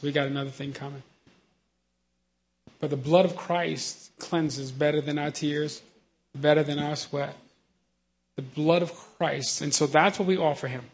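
A man preaching a sermon, talking conversationally and asking his listeners "you know what I mean?", moving between quiet earnest teaching and shouted hallelujahs. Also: fairly high pitch, husky.

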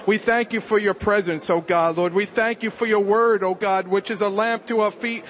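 High-voiced elder praying rhythmically. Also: male voice, fairly even intonation, normal speed, a bit bright, slight background noise. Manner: rhythmic prayer, repeating "oh God, Lord". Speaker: church elder leading prayer. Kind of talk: congregational prayer.

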